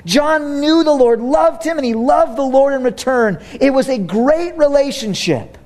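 Animated, high-voiced preacher man. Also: unhurried. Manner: animated, humorous storytelling, direct to congregation. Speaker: pastor. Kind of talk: sermon.

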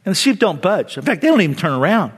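Animated, high-voiced male preacher. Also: quick pace, husky. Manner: animated storytelling, conversational. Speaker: pastor. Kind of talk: sermon.

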